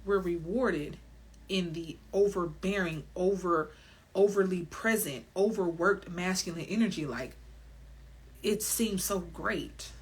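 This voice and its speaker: A woman hosting a wellness podcast, talking candidly on her own in an animated, emphatic way, swearing freely and laughing often. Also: on the low side, slow pace, husky. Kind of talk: candid solo podcast monologue.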